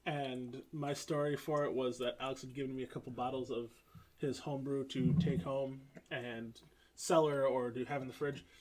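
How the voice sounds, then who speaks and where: A man's voice: medium pitch, slight background noise, poor audio. A man on a beer podcast telling a joking anecdote. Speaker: podcast co-host. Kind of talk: casual chat over beers.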